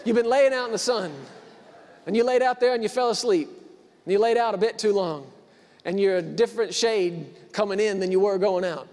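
A man in his thirties preaches with a notably high voice, hammering home repeated lines and rising from hushed to loud. The sound rings with the long reverb of a big hall. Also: fairly quick. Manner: emphatic repetition, swings from quiet to loud. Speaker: pastor. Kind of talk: sermon. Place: church hall.

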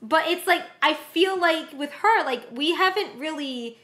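Young woman, reaction co-host: high and bright, animated, rambling, acts out quotes. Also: measured pace. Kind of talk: casual reaction chat.

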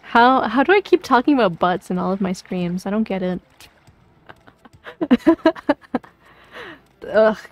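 A woman's voice: mid-range voice, sing-song, takes it slowly, long pauses, lo-fi sound. A woman streamer chatting casually while she plays a game, playful and rambling, often giggling.

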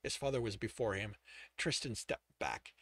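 A man's voice: on the low side, moderate pace, fairly bright tone, slightly rough, no room sound. A man reading his own novel aloud, now and then stopping to correct the text. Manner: stops to correct and comment on the text. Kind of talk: reading aloud while proofreading.

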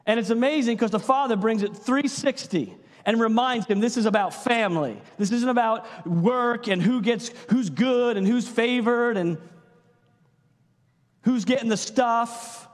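A man preaching a sermon as pastor, animated, acting out quotes and joking with his congregation. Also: extremely high pitch, unhurried. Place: church hall. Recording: long reverb of a church hall.

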